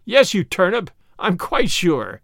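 A man's voice: high-pitched, wildly swooping pitch, slow pace, creaky, fairly bright tone, no echo, studio quality, voice pushed up, heavily acted. A man voicing a bold male master thief in an audiobook of a classic story, who poses as a priest, then mocks and gloats. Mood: mocking. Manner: mocking and triumphant.

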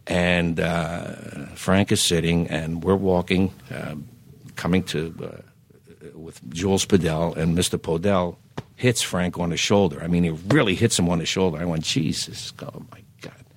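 An older man, a singer guest telling lively anecdotes in casual chat, stammering on restarts and acting out other people's lines. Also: deep voice, measured pace, dry recording. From Philadelphia. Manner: animated anecdotes, acts out quoted voices, stammers restarts.

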